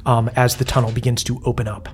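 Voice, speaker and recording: A man running a tabletop role-playing game as game master, describing the scene with relaxed narration and many filler words. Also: medium pitch, fast talker, very noisy.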